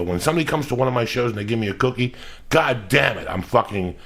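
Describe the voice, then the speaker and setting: A man's voice: mid-range voice, quick pace, a bit bright. A middle-aged man hosting a podcast, ranting in a casual, profane, emphatic way. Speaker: podcast host.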